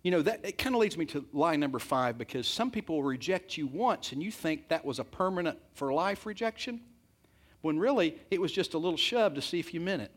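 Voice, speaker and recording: A man delivering a sermon in a fairly high voice. He retells the scripture in plain, casual speech, slipping into the characters' lines as he goes. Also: lively intonation, fairly quick. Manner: storytelling, retells scripture in everyday speech with acted quotes. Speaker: pastor.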